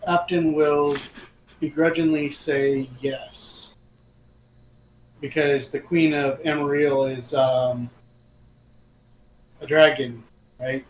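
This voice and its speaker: A man's voice: fairly high pitch, little pitch movement, slow, long pauses. Male player in an echoey room. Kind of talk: casual tabletop play. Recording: echoey room, faint noise.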